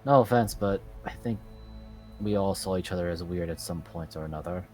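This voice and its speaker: A man playing a tabletop game, calmly describing what his character does. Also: low-pitched, a little fast, soft background music. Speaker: player. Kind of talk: casual tabletop game chat.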